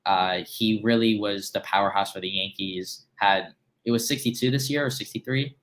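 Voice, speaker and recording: A man's voice: fairly low pitch, normal speed, fairly bright tone. A teenage boy, a guest on a sports talk show, laid-back with dry humor. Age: teens.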